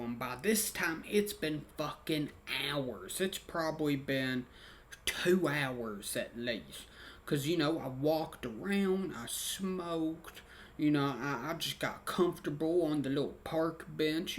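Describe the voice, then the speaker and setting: A young man telling a story casually in a rambling, profane way, with slangy dialect grammar and constant "you know" fillers. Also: on the high side. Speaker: vlogger.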